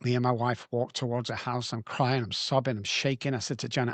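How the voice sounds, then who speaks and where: A man's voice: medium pitch, level tone, a little fast, dry recording. Blunt English man telling a heartfelt story. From England. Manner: blunt and heartfelt, swears freely. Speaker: guest, addiction recovery doctor. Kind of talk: emotional storytelling in a podcast interview.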